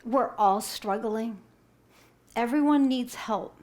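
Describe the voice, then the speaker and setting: Middle-aged female inspirational speaker, fairly high voice, heartfelt storytelling. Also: measured pace. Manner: emotional, expressive, rises high when moved, drops to whispers. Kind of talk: storytelling talk.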